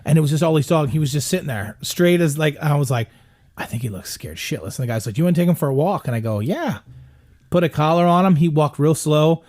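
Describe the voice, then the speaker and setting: Rambling, swearing storyteller man, higher voice. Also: racing, few pauses, darkish tone. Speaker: podcast guest. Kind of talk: casual chat.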